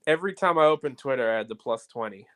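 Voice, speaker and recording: A man guesting on a casual podcast, talking in an animated way with swearing and laughter. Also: medium pitch, fast, very noisy. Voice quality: animated, profane, laughs often. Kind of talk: casual chat.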